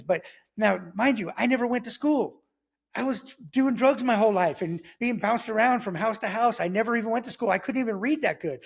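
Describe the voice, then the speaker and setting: A middle-aged man telling his personal testimony in a rambling, animated way, with many restarts and quoted voices. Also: sits high, husky. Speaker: testimony guest.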